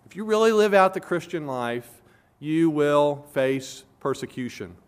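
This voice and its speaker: A man preaching an expository sermon as pastor, earnestly, swelling loud on key words and then dropping low. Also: lively intonation, unhurried, clean tone.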